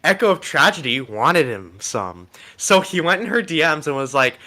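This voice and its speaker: A guest on a stream call rants rapidly through a long, rambling story over voice chat. His voice is a little high, animated and sharp, and he trips over fillers and restarts while swearing freely.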